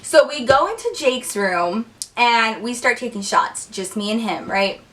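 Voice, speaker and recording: Bright, animated young woman telling a story. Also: unhurried, distant mic. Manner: animated, profane, acts out quotes with big pitch jumps. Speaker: storytime vlogger. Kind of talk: casual storytelling.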